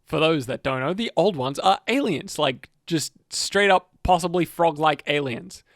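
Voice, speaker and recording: A man's voice: on the high side, animated, moderate pace, no room sound, studio quality. A man co-hosting a podcast, telling fantasy lore in a rambling, profane, joking way. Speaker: podcast co-host narrating lore. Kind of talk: casual lore chat.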